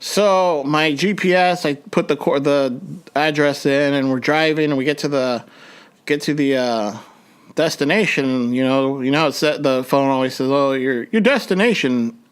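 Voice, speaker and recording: A young man hosts his podcast, recounting a personal story in a rambling, halting way. He restarts often and leans on fillers. His voice sits a little on the higher side. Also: steady tone, clean tone. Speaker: podcast host.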